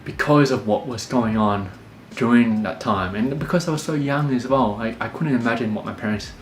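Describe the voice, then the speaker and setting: Calm Australian man telling a story. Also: mid-range voice, moderate pace. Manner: calm, many fillers and restarts. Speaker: podcast host. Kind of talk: reflective personal storytelling. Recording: echoey room with faint music.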